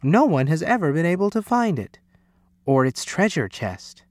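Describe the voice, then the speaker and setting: Man doing a brisk teacher lady, decisive, bouncy up-and-down delivery, dry room. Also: mid-range voice, sing-song, dry recording, pitched above the performer's own voice, lightly acted. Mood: animated.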